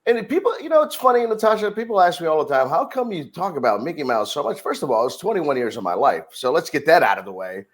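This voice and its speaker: A man's voice: a little high, fast talker, hardly any pauses. A middle-aged man, a podcast guest, telling a work story in casual conversation and acting out the dialogue. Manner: animated storyteller, acts out dialogue. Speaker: podcast guest, security director.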